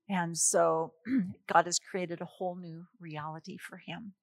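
A woman teaching a Bible passage in an animated, emphatic way, reading verses and explaining them. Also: on the low side, a little slow, gravelly, no room sound. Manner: animated, emphatic, chuckles at her own points. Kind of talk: expository sermon.

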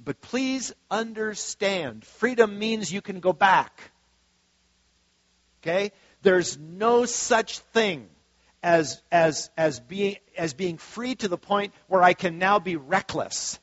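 A man's voice: high voice, lively intonation, slow pace, a bit bright, no echo, highs cut off. A man preaching a sermon as pastor in a conversational way, with frequent asides and restarts.

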